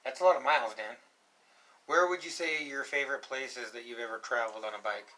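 Jokey man with a very bright voice. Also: mid-range voice, a little fast. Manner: jokey, interjects and riffs on words. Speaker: podcast co-host. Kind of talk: casual chat.

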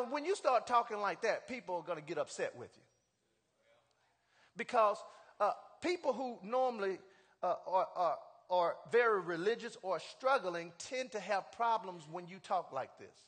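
A man preaching a sermon as pastor, calling on the congregation to answer back and building up to shouts. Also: sits high, long reverb tail. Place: church sanctuary.

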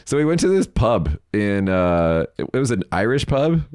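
A man co-hosting a podcast, his pitch sitting a little low but swinging widely as he tells stories. He chats casually and breaks into quick laughs. The sound is close and dry. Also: clear, resonant tone, no echo. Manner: animated storytelling, chatty, quick laughs. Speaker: podcast co-host. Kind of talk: casual chat.

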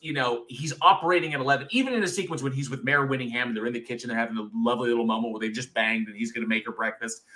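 A man co-hosting a podcast, chatting about movies in an animated, profane, rambling way. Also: mid-range voice. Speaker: podcast co-host. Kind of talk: casual film review chat.

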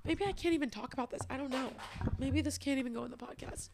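A young woman in her twenties talks alone on her podcast into a microphone. Her voice sits a little high, and her speech is candid and emphatic, with plenty of swearing. She is close to tears at times. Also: quick pace, noisy background. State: crying at times. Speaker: podcast host. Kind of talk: personal, emotional solo podcast talk.

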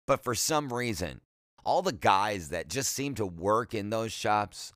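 A man's voice: lowish voice, animated, unhurried, fairly bright tone, no room sound. A man hosting a solo podcast, rambling in a chatty, self-deprecating way with jokey asides, speaking close to the mic. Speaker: podcast host.

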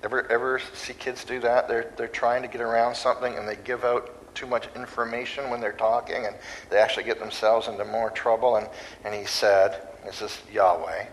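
Animated preacher, a man mid-pitch. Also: a little fast, slight background noise, low-quality recording. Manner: conversational and animated, acts out voices. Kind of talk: sermon.

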